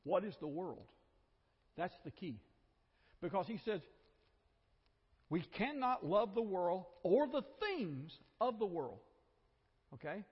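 A man's voice: high voice, big pitch swings, slow pace, long pauses, breathy edge. A man with a Southern American accent preaching a sermon in a conversational way, with joking asides and repeated phrases, in a church. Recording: dull, echoey church hall recording.

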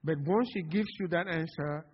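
Impassioned pastor preaching in a reverberant church. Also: male voice, fairly high pitch, moderate pace, breathy edge. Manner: impassioned preaching, calls of "Amen?" to the congregation. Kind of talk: sermon. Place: church sanctuary. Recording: long hall reverb, dull lo-fi sound.

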